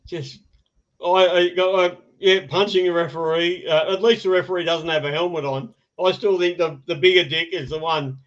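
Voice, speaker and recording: A man's voice: high voice, fairly even intonation, normal speed. A man, hosting a casual podcast, rambling with frequent laughs and restarts. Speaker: podcast host. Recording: dull lo-fi podcast audio.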